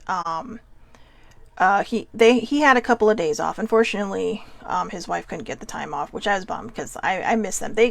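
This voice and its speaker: Gravelly Californian woman, chatty and rambling. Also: medium pitch, no echo. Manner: rambling, chatty, many fillers and asides. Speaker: host. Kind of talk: casual self-care talk.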